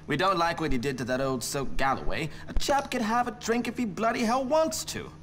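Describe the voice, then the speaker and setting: A snooty rich teen from a video game, sneering in an affected posh drawl. His pitch is fairly high and swings widely. A faint noise sits under the game audio. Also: lively intonation, brisk, fairly bright tone. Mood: haughty. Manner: haughty, affected upper-class drawl. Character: snobbish rich teen boy with posh airs.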